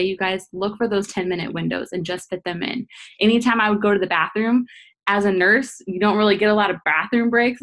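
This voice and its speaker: Woman, young adult, casual coaching talk, earnest, repeats points, middle pitch. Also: a bit bright. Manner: earnest, repetitive, addresses listeners as "you guys". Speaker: team leader hosting a business call.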